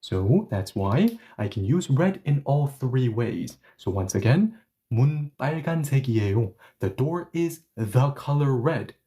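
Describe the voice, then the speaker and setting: Mellow-voiced man teaching grammar live. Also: medium pitch, big pitch swings, slow pace, hardly any pauses. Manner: explains step by step, often apologizes and self-corrects. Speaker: Korean language teacher. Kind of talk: live-streamed language lesson.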